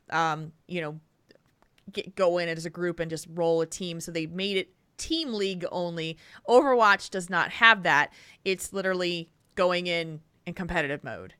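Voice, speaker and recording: A woman hosting a gaming podcast in casual chat, chatty and quick to laugh, trailing off with fillers. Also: on the low side, sharp tone, smooth, no echo. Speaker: podcast host.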